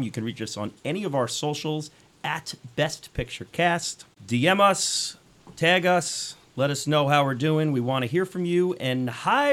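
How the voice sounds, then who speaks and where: A man's voice: on the high side, normal speed, fairly bright tone. A man hosting a casual movie podcast, joking and sarcastic as he introduces the show and his co-hosts. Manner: playful, sarcastic intro patter. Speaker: podcast host.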